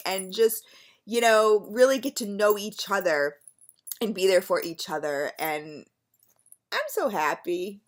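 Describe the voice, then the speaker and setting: A middle-aged woman talks straight to her viewers in a loose, rambling vlog. She wanders off topic, piles up fillers and gushes with affection in a mid-pitched voice. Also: unhurried. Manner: chatty, rambling, warmly gushing with frequent fillers. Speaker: beauty vlogger.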